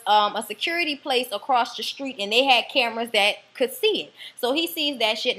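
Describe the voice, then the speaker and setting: Woman, New Orleans accent, casual ranting TV recap, swears constantly, chatty, animated, somewhat high voice. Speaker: TV episode reviewer.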